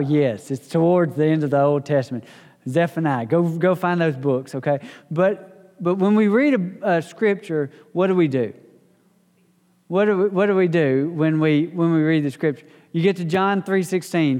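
Guy pastor teaching bible study, kinda higher voice, loose and chatty, lots of restarts, big echoey church hall. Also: normal speed, a little mellow. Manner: conversational, repeats and restarts phrases. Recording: echoey hall with long reverb.

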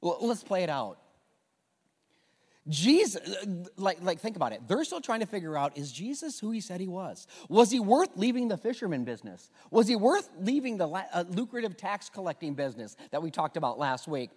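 A man's voice: sits high, a little fast, slightly rough. A man preaching a sermon, telling the story as if acting it out, with lots of stammered restarts. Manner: animated storytelling, acting out dialogue. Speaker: pastor. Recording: long hall reverb.

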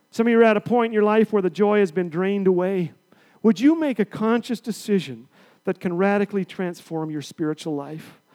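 A middle-aged man with a high voice preaches to a congregation. He tells a personal story, swinging from loud, punchy bursts to quiet, hushed asides. The effect is expressive and conversational. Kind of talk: sermon with storytelling.

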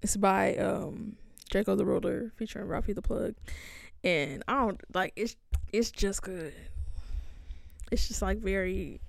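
A woman's voice: medium pitch, a little slow, creaky, long pauses, dry recording, clean studio sound. A woman co-hosting a casual chat podcast, talking hesitantly and searching for words. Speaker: podcast co-host.

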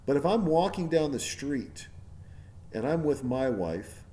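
A man's voice: on the high side, a little slow, a little hiss or hum. A man in a casual rant, swearing freely, asking "right?" again and again and acting out other people's voices. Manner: profane, animated, keeps asking "right?".

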